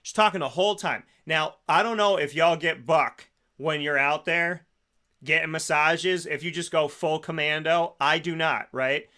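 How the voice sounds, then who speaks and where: Animated male host telling a funny story. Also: on the high side, normal speed. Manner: animated, acts out quotes in other voices. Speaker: radio show host. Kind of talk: comedic storytelling monologue.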